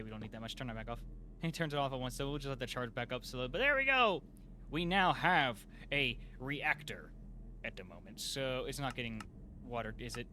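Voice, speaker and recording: A man talks through his game in a casual, self-mocking way, full of fillers and sudden yelps. His bright voice swings widely in pitch, going from muttering to shouting. A faint background hum sits under the recording. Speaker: gameplay youtuber. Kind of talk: casual let's play commentary.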